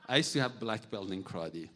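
Guy preaching, middle-aged, animated storyteller, loose grammar. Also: lowish voice. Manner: animated storytelling, acts out voices, non-native grammar. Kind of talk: sermon with personal stories.

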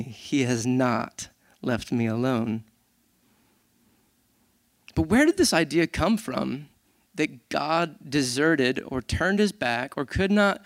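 A fairly high-voiced man preaches in a relaxed, conversational way, reading verses and then riffing on them with quick jokes at his own expense. The sound is dry and close, with no room echo. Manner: conversational, animated, self-deprecating humor. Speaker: worship leader. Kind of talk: casual sermon.

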